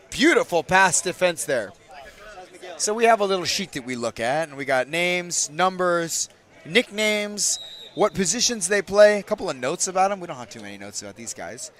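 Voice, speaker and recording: A high-pitched man commentates a game from the booth with a bright, forceful tone. He jokes around between plays and suddenly gets loud when a big catch or throw happens. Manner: excitable, jokey, bursts loud on big plays. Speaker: sports commentator. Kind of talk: play-by-play commentary with banter. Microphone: booth microphone.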